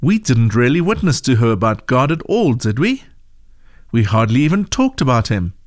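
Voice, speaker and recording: A man's voice: mid-range voice, big pitch swings, normal speed, no room sound, clean studio sound, lightly acted. A man voicing a hesitant, skeptical young girl in a storybook reading. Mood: doubtful. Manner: unsure, skeptical.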